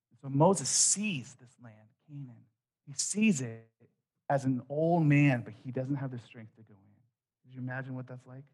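Man, thirties, pastor, sermon, storytelling, soft dips for emphasis. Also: mid-range voice, normal speed, breathy edge, lo-fi sound. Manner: storytelling, voices quotes, drops soft at key points.

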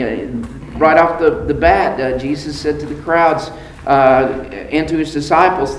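A man teaching a Bible class in a room with a noticeable echo, his voice sitting a bit higher than most men's. He reads scripture aloud and talks it through haltingly, pausing often on fillers and restarts. A faint hum of noise sits behind him.

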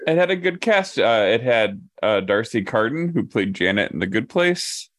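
Man, lowish voice, podcast co-host, quick prompting questions, casual. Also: sing-song, fairly bright tone. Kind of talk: casual TV review chat.

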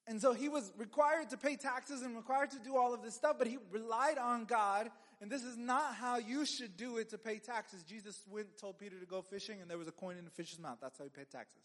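A man's voice: extremely high pitch, brisk, few pauses, a bit bright, in a large hall. A man preaching a sermon as a pastor, in a conversational way with joking asides and frequent restarts.

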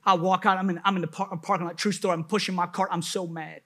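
A man preaching a sermon as a pastor, telling a personal story in an animated way that swings from hushed to loud. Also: high-pitched, quick pace.

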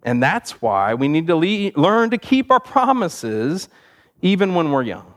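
A man playing a father giving his son slow, teasing advice in a sermon story. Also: on the high side, big pitch swings, a bit bright. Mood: wry.

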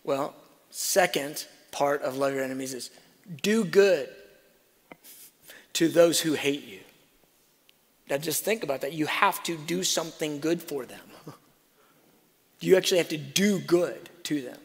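A man preaching a sermon, telling a personal story and swinging between soft asides and loud emphasis. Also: a little high, measured pace, pauses often. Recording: reverberant hall.

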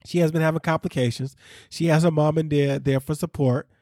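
A man hosting a casual recap podcast, talking in an animated way, laughing and quoting people as he tells the story. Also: a little high, a little fast, no echo, clean studio sound. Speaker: podcast host.

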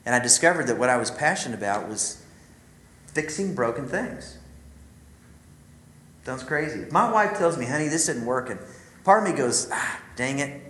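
A man's voice: medium pitch, a bit bright, roomy sound, poor audio. A man giving an earnest, confiding talk to a group of men, telling a personal story and speaking directly to his listeners. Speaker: ministry speaker.

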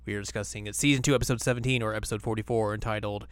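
A man's voice: fairly low pitch, steady tone, very fast, smooth, no echo. Podcast host, man, casual and joking, dry close sound. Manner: joking, recaps animatedly. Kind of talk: casual chat.

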